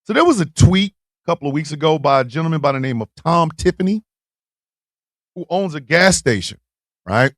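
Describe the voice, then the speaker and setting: A man hosting a live stream, ranting loudly and profanely, shouting and laughing, then dropping to a mutter. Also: on the high side, animated, a little fast, no echo, studio quality.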